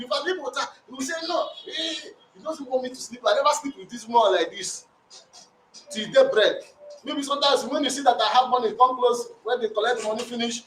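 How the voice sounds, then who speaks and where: A man with a Nigerian accent recounting a domestic dispute as a complainant, in a rambling, repetitive, animated way. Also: very high-pitched, a little hiss or hum. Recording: roomy sound from a distant mic.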